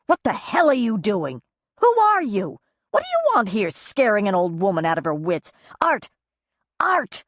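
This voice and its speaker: A woman voicing a fierce, furious woman who yells and curses at intruders on her property. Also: extremely low pitch, animated, measured pace, dry recording, clean studio sound, pitched below the performer's own voice, full character voice. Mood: yelling. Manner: yelling, cursing, sharp.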